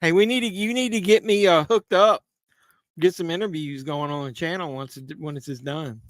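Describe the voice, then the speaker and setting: A man's voice: a little high, normal speed, no room sound. A man hosting a live movie watch-along, making casual commentary full of crude jokes. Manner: crude joking banter. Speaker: live-stream host.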